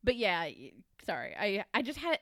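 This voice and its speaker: A woman from Kentucky, a guest author chatting on a podcast, animated and quick to act out characters' lines. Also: mid-range voice, no room sound, clean studio sound. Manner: animated, acts out characters' lines, many fillers. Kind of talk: casual podcast chat.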